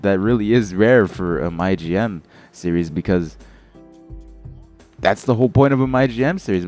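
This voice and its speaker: A man's voice: lowish voice, a little mellow. A young man giving rambling, casual commentary over his basketball video game, in a groggy morning voice, often correcting himself. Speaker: gaming commentator.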